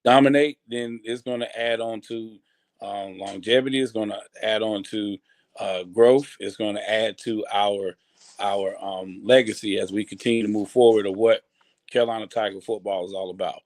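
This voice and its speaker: A man's voice: fairly low pitch, steady tone, moderate pace. A man, a football coach, answering interview questions casually with frequent ums and restarts. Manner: hesitant, many ums and restarts.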